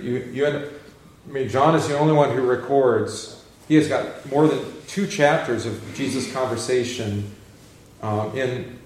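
A man teaching an informal Bible class in a classroom, rambling a little and putting questions to his students, and growing animated when he quotes scripture. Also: mid-range voice, echoey room, a little hiss or hum.

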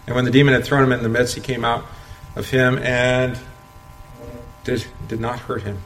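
Man at mid pitch leading a casual Bible study, chuckles often, recorded in a roomy space. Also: flat delivery, moderate pace, fairly bright tone. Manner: conversational, asks rhetorical questions, chuckles often. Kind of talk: informal Bible study teaching. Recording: roomy echo, faint background noise.

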